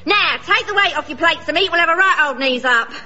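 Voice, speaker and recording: A woman playing a brash Cockney wife touting for customers, loud and bawdy, in a radio comedy. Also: very high voice, animated, fairly quick, lo-fi sound, exaggerated voice. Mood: saucy.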